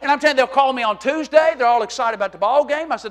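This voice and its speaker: A middle-aged male pastor preaching a humorous, animated sermon to his congregation, moving from quiet talk to shouting. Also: very high-pitched, rapid-fire. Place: church sanctuary.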